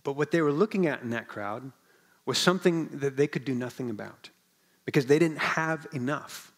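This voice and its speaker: A man's voice: medium pitch, normal speed. A man preaching a sermon as pastor, in a conversational, humorous way, often asking the congregation questions.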